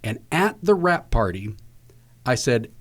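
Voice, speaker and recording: Man, from Virginia, podcast host, voice actor, casual storytelling, animated, acts out quotes. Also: mid-range voice, measured pace. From Virginia, US South.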